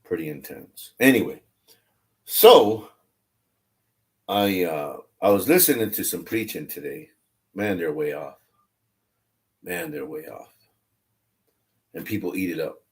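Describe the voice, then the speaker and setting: A man's voice: low-pitched, expressive, unhurried, pauses often. A man talking casually and candidly on a livestream about faith, rambling and restarting his phrases. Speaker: online religious streamer.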